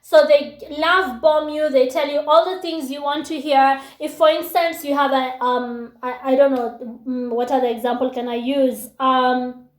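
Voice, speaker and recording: A woman in her thirties with a youthful, baby-like high voice gives relationship advice in a casual chat, full of fillers and asides. She speaks at normal speed with a steady tone, and the sound is roomy.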